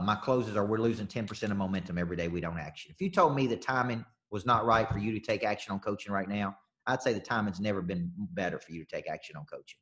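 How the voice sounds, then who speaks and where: During a live webinar, a sales coach with a fairly low, slightly bright voice answers questions emphatically, repeating his points.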